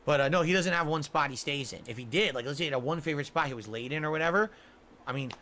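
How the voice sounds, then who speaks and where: A man's voice: a little high, fast talker, bright, forceful tone. A man streaming live, chatting casually and scolding his cat between sentences, heard in a played clip.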